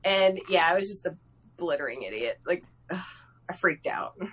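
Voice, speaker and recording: A woman artist chatting over a live video call, excitable and quick to laugh, with casual swearing. Her voice swoops up and down, lively and full of feeling. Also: fairly low pitch, breathy edge. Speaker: guest artist.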